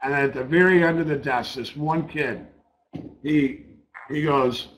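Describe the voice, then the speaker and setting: A man's voice: on the high side, a little slow, a bit bright, low-quality recording. Blunt, swearing male trader telling a story. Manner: blunt and profane, repeats words when worked up. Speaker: trader recounting a trading-desk story. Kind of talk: casual spoken storytelling.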